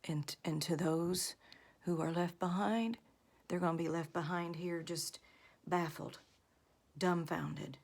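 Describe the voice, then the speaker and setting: A woman's voice: fairly low pitch, steady tone, slow, creaky, a little mellow. A woman vlogger in her thirties or forties, earnestly delivering a religious warning, often half-whispering.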